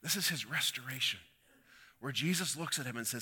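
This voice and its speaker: A man's voice: medium pitch, animated, brisk, sharp tone, slightly rough, in a large hall. A man preaching a sermon, telling a story and acting out the quoted lines with rising and falling intensity. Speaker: pastor.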